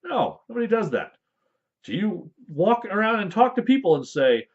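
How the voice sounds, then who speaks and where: A man explains tabletop game rules in loose, rambling casual talk with playful asides. His pitch rises and falls a lot. The recording sounds dull and lo-fi. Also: sing-song, normal speed. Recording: dull lo-fi audio.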